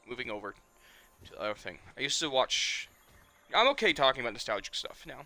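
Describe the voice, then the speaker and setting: A streamer in his twenties talks in a mid-range, bright, forceful voice. His casual, nostalgic chat is emotional and rambling, and he swears often.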